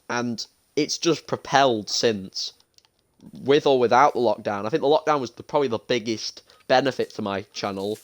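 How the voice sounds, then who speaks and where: A young British man in his late teens, chatting and ranting casually while streaming a game, often restarting his sentences. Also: medium pitch. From United Kingdom. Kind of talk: casual gaming stream chat. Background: faint game gunfire.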